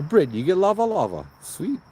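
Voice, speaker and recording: A man with a Hawaiian Pidgin accent hosting a livestream, telling a ghost story in a lively way and putting on high voices for the people in it. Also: moderate pace, slight background noise, rough recording. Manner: animated, acts out voices in high pitch. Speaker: host telling ghost stories.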